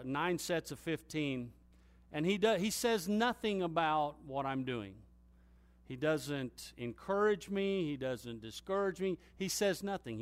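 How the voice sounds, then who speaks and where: A man preaching, telling a story in a halting way with many fillers. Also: on the high side.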